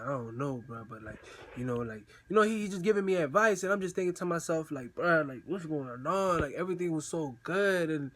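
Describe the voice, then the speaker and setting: A young man telling a personal story in a casual, slangy way, acting out the messages he sent in quoted voices. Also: on the high side. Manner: slangy, animated, acts out texts in quoted voices.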